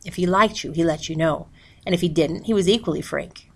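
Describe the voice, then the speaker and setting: Lady reading a novel out loud, lowish voice, lots of vocal fry, steady. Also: brisk. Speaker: reader.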